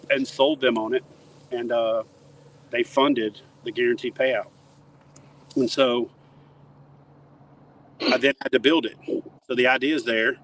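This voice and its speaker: A man's voice: mid-range voice, fairly bright tone, slight background noise, rough recording. Give me a joking, rambling man with a mid-range voice, talking outdoors. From Toledo Bend area, southern US. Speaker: interview guest. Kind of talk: casual storytelling. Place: outdoors near a dock.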